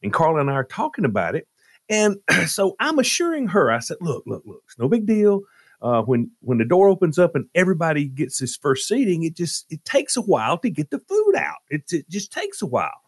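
A man's voice: on the high side, huge pitch swings, a little fast, no room sound, studio quality. A man telling a comic story on a radio show, dramatic and exasperated as he relives it. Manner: dramatic, jumps into loud exasperated retellings.

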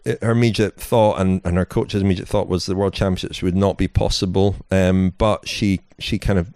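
A man's voice: deep voice, flat delivery, a little fast, a little mellow, no echo. A man co-hosting a podcast, telling a story in a meandering way with many "you know"s and restarts. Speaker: podcast co-host. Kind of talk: casual chat.

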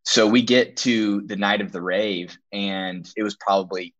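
Young man, low pitch, earnest storytelling, acts out quotes, dull recording. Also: steady tone, unhurried, a bit bright. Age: young adult. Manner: earnest, emphatic retelling with quoted dialogue. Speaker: guest. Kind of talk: storytelling testimony. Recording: dull lo-fi audio.

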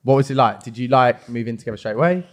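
A man's voice: mid-range voice, fast talker, muffled recording. A man from Wales co-hosting a podcast, chatting and asking questions in a reassuring way. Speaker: podcast co-host. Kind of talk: casual interview chat.

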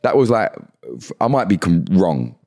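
A man's voice: deep voice, big pitch swings, moderate pace, mellow. A man, a podcast guest, chatting casually and animatedly while explaining slang, laughing often.

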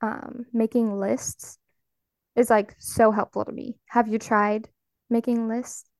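A woman's voice: a little high, little pitch movement, takes it slowly, no room sound, studio quality. A woman hosting a casual podcast chat, encouraging and speaking straight to her listeners. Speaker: podcast host.

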